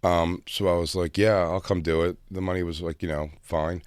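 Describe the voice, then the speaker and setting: A man's voice: low-pitched, moderate pace, clear, resonant tone, no room sound, clean studio sound. A man telling a rambling story on a casual podcast, acting out what people said. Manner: rambling, animated, acts out quotes. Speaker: comedian.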